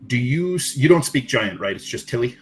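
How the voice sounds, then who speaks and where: A man narrating a tabletop game as game master, unhurried and searching for words with many fillers. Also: medium pitch, expressive, soft background music.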